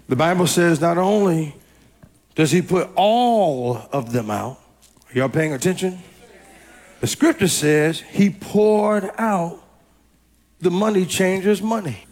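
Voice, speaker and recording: A man preaching a storytelling sermon, animated and repetitive, often rising to a shout. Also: a little high.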